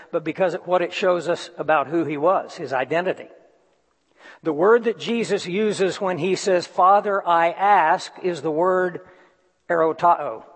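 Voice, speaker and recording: Male preacher, fairly high voice, measured sermon delivery, long hall reverb. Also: breathy edge. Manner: slow, deliberate emphasis with reading aloud.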